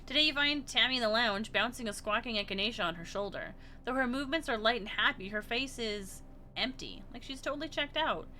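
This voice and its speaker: Bright-voiced woman streamer. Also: fairly high pitch, animated, brisk, slight background noise. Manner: reads game text aloud and reacts with playful laughs and gasps. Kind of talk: reading a game aloud with casual chat.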